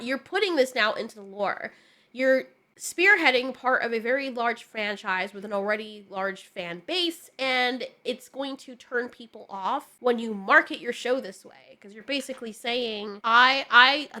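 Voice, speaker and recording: A young woman giving reaction commentary in an animated way, often laughing and mimicking people in silly voices. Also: fairly high pitch. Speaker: YouTube commentator.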